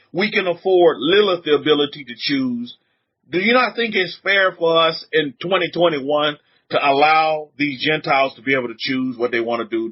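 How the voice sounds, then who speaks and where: A man teaching as a rabbi in a casual, animated sermon, repeating himself and dropping in blessings. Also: on the high side, dull audio. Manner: animated, repetitive, punctuated with blessings. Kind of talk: informal outdoor sermon.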